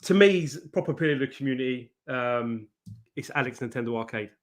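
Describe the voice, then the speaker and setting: A man's voice: mid-range voice, fast talker. A man hosting a live stream, chatting casually, greeting viewers by name, swearing freely and laughing often. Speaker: host of a live trading stream.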